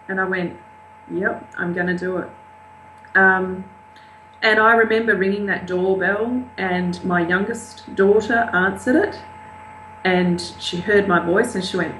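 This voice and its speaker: An older woman recounts a personal story as an interview guest. She speaks haltingly and with emotion, slipping into the voices of the people she quotes. The room around her is echoey, with a faint hum underneath. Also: mid-range voice, fairly bright tone.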